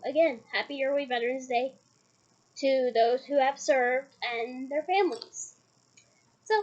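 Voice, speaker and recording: A woman's voice: a little high, muffled recording. A woman from Scotland reading a novel aloud chapter by chapter, with chatty asides between passages. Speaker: book reader.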